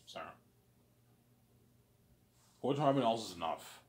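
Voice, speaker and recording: A man's voice: on the low side, animated, moderate pace. A man in a casual monologue who rambles and uses lots of "like" and "man" and some swearing. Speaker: channel host.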